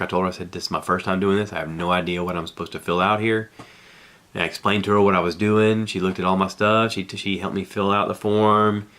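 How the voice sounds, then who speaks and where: Podcast host, middle-aged man, deep voice, loose rambling storyteller who acts out the quotes. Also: a bit bright. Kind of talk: casual storytelling monologue. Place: outdoors on his back porch.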